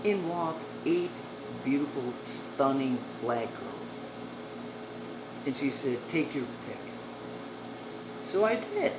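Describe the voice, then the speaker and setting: A woman telling a comic story in a brisk, animated way. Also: sits low. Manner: brisk, animated, acts out voices. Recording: echoey room, air-conditioning hum.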